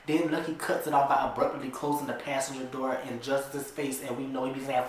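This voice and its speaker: A man reads a film script aloud in a casual, chatty way, breaking off to laugh and comment on it. His voice sits at a middle pitch and rings in a very echoey room. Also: little pitch movement, fairly quick, slight background noise. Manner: amused, chatty asides. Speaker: vlogger.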